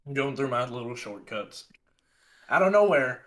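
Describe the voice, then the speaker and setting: A young man telling a story in a casual, animated and exasperated way, swearing often. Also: medium pitch, moderate pace, highs cut off. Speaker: podcast co-host telling a story.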